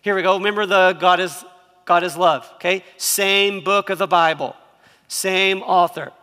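A man's voice: sits high, fairly even intonation, normal speed, sharp tone, clear, resonant tone, long reverb tail. A man in his thirties, a pastor preaching an emphatic sermon who has the congregation repeat lines after him.

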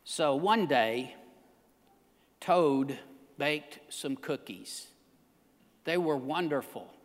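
A man preaching a sermon as pastor, emphatic and building to shouts. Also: on the high side, very slow, big-room sound.

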